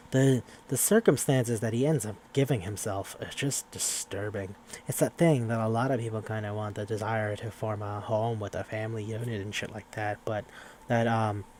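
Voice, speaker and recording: A man's voice: mid-range voice, darkish tone, slight background noise. A man hosting a podcast, casually recapping a horror manga in a rambling, profane way with frequent restarts. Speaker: podcast host.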